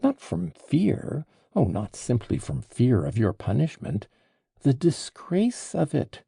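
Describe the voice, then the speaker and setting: A man's voice: mid-range voice, sing-song, slow, vocal fry, mellow, breathy edge, dry recording, clean studio sound, voice pushed up, exaggerated voice. A man reading an audiobook, voicing an agitated, proud young man under arrest in impassioned, indignant outbursts.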